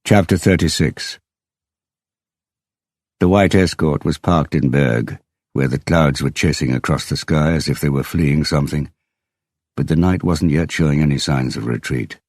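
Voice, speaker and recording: Audiobook: man narrator, extremely deep, gravelly, husky, dry close mic. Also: darkish tone, no room sound. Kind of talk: scripted narration.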